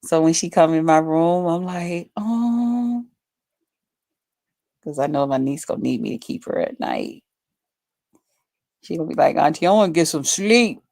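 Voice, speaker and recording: A woman with a low, gravelly voice rambles loosely to her stream viewers, cursing freely as she talks straight to them. She sounds like she is chatting from home into a phone. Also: lively intonation, unhurried, pauses often, darkish tone, dry recording. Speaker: livestreamer. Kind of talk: casual livestream chat.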